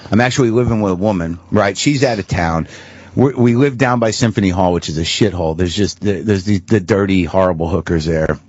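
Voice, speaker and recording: A comedian guesting on a talk show tells candid, self-mocking stories, restarting often and swearing along the way. His low, darkish, husky voice moves fairly quickly, with no room sound, on a dull lo-fi radio broadcast.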